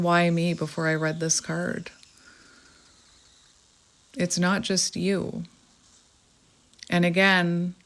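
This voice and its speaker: A woman in her thirties with a Canadian accent, giving a reflective, meandering spiritual tarot reading to her viewers. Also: on the low side. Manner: gentle, reflective, meandering with fillers. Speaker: tarot reader.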